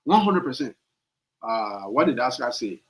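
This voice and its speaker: With a mid-range voice, big pitch swings, and an unhurried pace, this Liberian-accented man hosts a podcast despite poor audio. His political commentary is opinionated, full of emphatic repetition and rhetorical questions.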